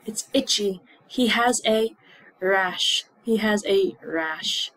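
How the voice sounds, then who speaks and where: Slow, husky-voiced woman teacher. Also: medium pitch, a bit bright, no room sound, rough recording. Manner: slow, repeats words clearly for learners; acts out symptoms with groans. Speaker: English teacher. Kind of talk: slow classroom explanation.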